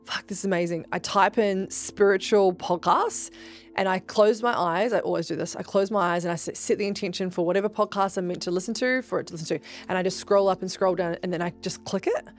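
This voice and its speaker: A young woman hosting a podcast, telling spiritual stories in a casual, profane, animated way that jumps into excited shouts. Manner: animated, profane, bursts into high excited shouts when reenacting. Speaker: podcast host. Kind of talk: casual storytelling monologue.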